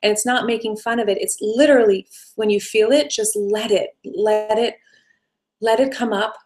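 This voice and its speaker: A woman hosting a live self-help session, answering viewer questions in a gentle, coaching way with long flowing sentences. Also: medium pitch, steady tone, moderate pace. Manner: gentle, coaching, speaks in flowing run-on phrases.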